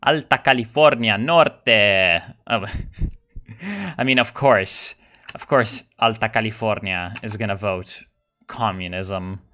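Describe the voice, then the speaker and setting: A young man giving casual, profane commentary while playing a strategy game, excitable and musing aloud with fillers and laughs. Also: on the low side, slow pace. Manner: swears a lot, excitable, jokey.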